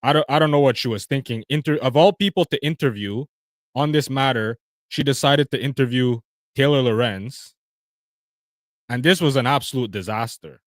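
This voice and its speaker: A man's voice: medium pitch, normal speed, no room sound, studio quality. A man hosting a livestream, reacting to video clips in a mocking, slangy way and laughing often. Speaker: livestream host.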